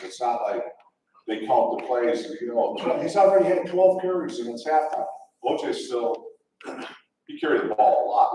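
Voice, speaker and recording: This older man from the Detroit area has a medium-pitched, dark voice as he rambles through football tales for a luncheon audience, chuckling and often beginning again. The recording comes from a distant mic in an echoey event hall.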